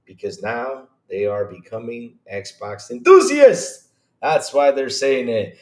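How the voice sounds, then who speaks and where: A man's voice: mid-range voice, slow. Teasing man hosting a roomy livestream. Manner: lively, teasing, greets viewers by name. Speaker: gaming podcast host. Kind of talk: casual livestream chat reading viewer comments. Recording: roomy echo.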